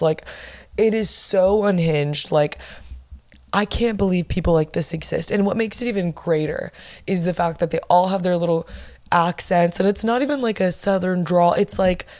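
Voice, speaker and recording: A young woman hosting her own podcast, chatting casually and bluntly with lots of swearing and animated bursts of emphasis. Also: on the low side. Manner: blunt, profane, gossipy. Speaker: podcast host. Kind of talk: casual solo podcast chat.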